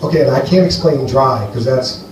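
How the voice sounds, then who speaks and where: A man from Greece doing a rambling, deadpan stand-up set for a live audience at a comedy venue. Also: mid-range voice, a little fast, far from the mic, slight background noise. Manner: rambling, deadpan, playful with the crowd. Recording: echoey live room, heard from afar.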